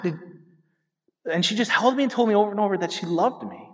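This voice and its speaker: Lively high-voiced pastor in a hall. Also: male voice, brisk. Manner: animated storytelling, speaks to the congregation directly. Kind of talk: sermon. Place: church sanctuary. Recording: hall reverb.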